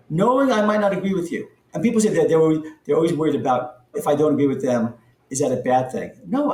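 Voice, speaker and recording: A middle-aged man telling stories as a podcast guest, animated, his voice jumping up in excited bursts. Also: a little high. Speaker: podcast guest, company founder. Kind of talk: storytelling in an interview. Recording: echoey room, distant from the mic.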